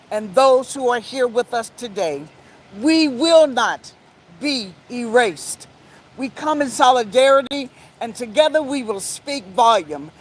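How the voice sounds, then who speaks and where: A woman who founded an advocacy group, opening a press conference with a rallying speech that slows down for emphasis. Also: on the high side, rough recording.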